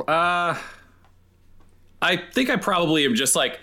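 A man's voice: fairly high pitch, big pitch swings, unhurried, pauses often, bright, forceful tone. A man playing in a tabletop game, playfully describing his character's actions. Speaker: player. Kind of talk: tabletop role-play chat.

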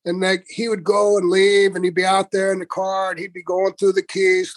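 A man's voice: high-pitched, flat delivery, normal speed, few pauses, no room sound. A man casually telling prank stories, chuckling mischievously as he goes. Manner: laughing, mischievous storyteller.

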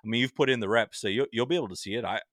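A man's voice: medium pitch, rapid-fire, fairly bright tone, no echo, clean studio sound. A man guesting on a podcast, chatting enthusiastically and rambling with restarts. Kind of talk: casual interview chat.

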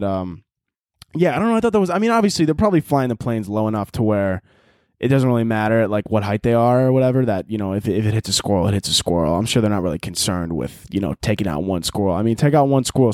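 A man's voice: lowish voice, darkish tone, no room sound. Rambling, foul-mouthed man in a dry booth. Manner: rambling, profane, self-interrupting. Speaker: podcast host. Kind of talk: casual comedic monologue.

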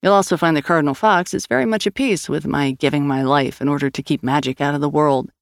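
A woman's voice: deep voice, quick pace, dry recording, clean studio sound. A woman voicing a hardened, defiant woman who talks in short, clipped lines.

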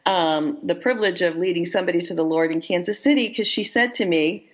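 A woman's voice: fairly low pitch, fairly quick, hardly any pauses. Candid woman sharing, muffled lo-fi audio. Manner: candid, self-deprecating. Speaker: podcast co-host. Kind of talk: casual Christian women's chat. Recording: dull lo-fi audio.

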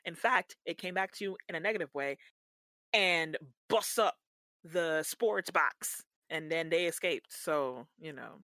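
A woman co-hosting a casual podcast, recapping a show with animated, slangy, playfully exasperated talk. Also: low-pitched, a little slow, no echo. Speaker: podcast co-host.

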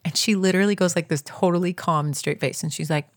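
A woman casually telling a story as a podcast co-host, animated and acting out quotes with big jumps in pitch. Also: fast.

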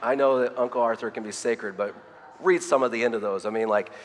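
Speaking briskly in a mid-range voice, a middle-aged preacher gives a heartfelt sermon, frequently echoing his own words while reading quotations. Long hall reverb and slight background noise are audible.

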